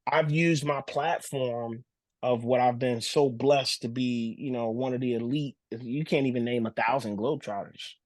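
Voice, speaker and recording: A man from New Jersey, a podcast guest telling stories in casual talk, animated and full of restarts. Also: medium pitch, moderate pace, no room sound. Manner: animated storyteller, acts out voices, frequent restarts. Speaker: podcast guest, former pro basketball showman.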